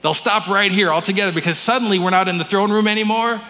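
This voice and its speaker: A man's voice: sits high, fairly even intonation, fast, pushed and bright, long reverb tail. A man pastor giving a conversational sermon in a church, asking the congregation questions and restarting his words. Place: church sanctuary.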